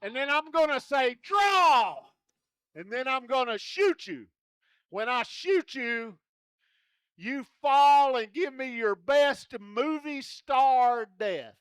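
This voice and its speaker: Running a children's contest in a rodeo arena, this man's voice is remarkably high. His lively crowd-work is slow, clear, folksy, and full of jokes as he encourages the kids, and the audio is close and dry without echo.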